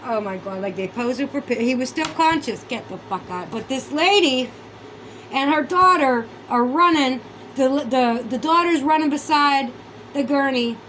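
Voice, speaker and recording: A woman's voice: sits high, normal speed, fairly bright tone, a little hiss or hum, poor audio. A woman vlogger in a casual, heated monologue, swearing a lot and sounding sarcastic and incredulous. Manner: heated, profane, ranting.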